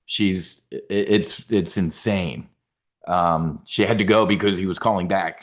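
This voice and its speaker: Rambling low-voiced man hosting a trading show. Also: measured pace. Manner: rambling, animated storytelling with many fillers. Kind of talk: casual livestream talk.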